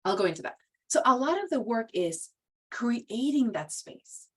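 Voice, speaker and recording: A woman presents a professional training session in a loose, conversational way, peppering her speech with "like" and "you know." Her voice sits a bit high. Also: big pitch swings, normal speed, fairly bright tone, husky. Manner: casual, full of "like" and "you know", acts out quotes.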